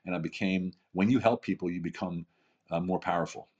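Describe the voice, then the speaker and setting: A man's voice: low voice, fairly quick, darkish tone, muffled recording. A man in his fifties, a podcast guest giving an emphatic motivational talk full of rhetorical questions and repeated phrases. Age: 50s. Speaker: podcast guest, keynote speaker and author.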